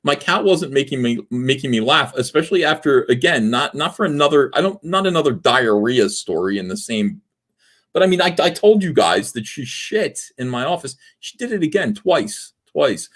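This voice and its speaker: A man's voice: mid-range voice, sing-song, moderate pace, a bit bright. Rambling sarcastic man hosting a livestream. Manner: rambling, sarcastic, jokey with frequent fillers. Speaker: livestream host. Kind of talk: casual livestream chat reading super chats. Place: home office in a basement.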